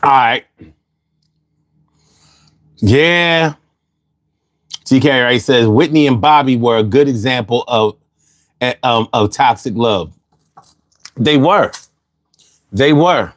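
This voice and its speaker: A man's voice: mid-range voice, slow pace, long pauses, dry recording, studio quality. A man hosting a casual livestream, reading out chat comments in a loose, slangy way and laughing often, a little bothered by allergies.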